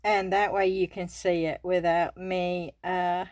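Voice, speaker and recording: Slow-talking Southern woman, chatty craft host. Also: lowish voice, flat delivery, a little mellow, dry recording. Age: older. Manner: chatty, giggly, addresses viewers as y'all. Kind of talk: casual unboxing chat.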